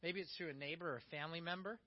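A man preaching a conversational, animated sermon, reading scripture and then explaining it. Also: on the high side, rapid-fire, muffled recording. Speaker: pastor.

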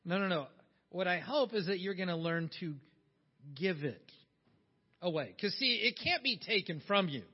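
A man's voice: high-pitched, lively intonation, moderate pace, long pauses, slightly rough. A man preaching a sermon in a conversational way, putting questions to his listeners. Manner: conversational, asks the audience questions. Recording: dull sound with long hall reverb.

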